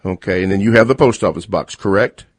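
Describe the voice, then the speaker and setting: A man hosting a call-in radio show, reading out listener emails slowly with many fillers. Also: sits low, slightly rough, no echo. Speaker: radio host.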